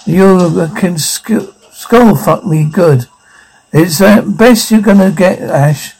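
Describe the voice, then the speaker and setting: A man's voice: high voice, slow pace, vocal fry, a little mellow, husky, full character voice, rough recording. A man voicing a crude, gloating evil double of the hero who mocks and taunts. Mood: taunting. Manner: sneering, mocking taunts.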